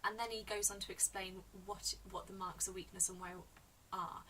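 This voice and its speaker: A woman teacher analysing a poem in a lesson, explaining slowly and repeating key words. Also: medium pitch, little pitch movement, sharp tone, far from the mic, a little hiss or hum, low-quality recording. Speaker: English teacher.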